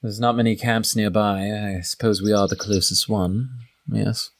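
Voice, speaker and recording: A man's voice: on the low side, steady tone, normal speed, lightly acted. A man voicing a scornful tiefling cultist. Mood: suspicious. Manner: sneering, condescending.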